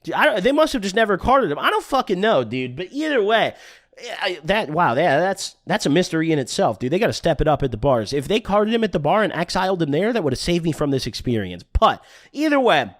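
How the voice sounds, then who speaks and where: A young man recounting a wild night in an offhand, slangy way, tossing in "bro" and "dude" at every turn. His voice sits fairly high for a man and jumps around a lot as he gets into the tale. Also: brisk. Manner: slangy, animated, drops "bro" and "dude" constantly. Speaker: storytime host. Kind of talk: casual storytelling. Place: streaming room.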